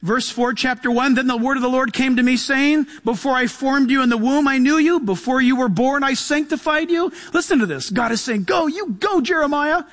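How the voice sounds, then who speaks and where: A man preaching a sermon in a lively, animated way, acting out quotes and laughing often. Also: very high voice, fairly quick, hardly any pauses. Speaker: pastor. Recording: long hall reverb.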